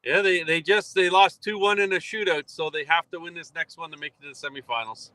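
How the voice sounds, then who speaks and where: A man's voice: on the high side, fairly quick, pushed and bright, no echo. A man calling in over a video call, laid-back and dry-witted in casual chat. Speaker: remote guest correspondent.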